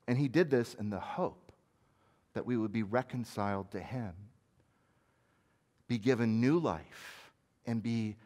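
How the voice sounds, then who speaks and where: A man preaching a sermon as senior pastor, moving between soft, hushed passages and forceful peaks, with casual conversational asides. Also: on the low side. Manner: conversational asides with fillers like "right?" and "like".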